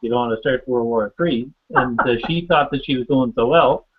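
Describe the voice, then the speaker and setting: A man's voice: medium pitch, moderate pace, breathy edge. A man hosting a training call, making brief, joking asides to his guest. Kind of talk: casual chat. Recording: phone-line audio.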